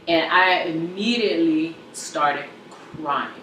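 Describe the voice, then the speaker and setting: A woman giving an emotional personal testimony in an interview, halting and tearful, her voice dropping very soft at times. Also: fairly low pitch. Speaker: interview guest. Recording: roomy echo from far off, faint hum.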